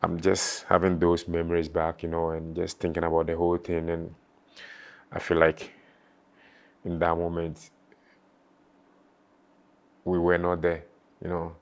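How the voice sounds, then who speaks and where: Man, very low voice, flat delivery, halting, emotional. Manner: halting, repeats words, frequent "you know". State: emotional, near tears at times. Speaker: former footballer reminiscing. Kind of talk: emotional interview reflection.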